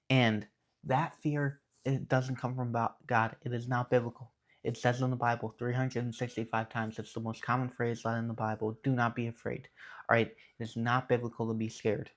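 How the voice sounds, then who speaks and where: A young man giving a casual, earnest faith talk to his viewers, often checking in with "okay". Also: medium pitch. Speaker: Christian YouTuber.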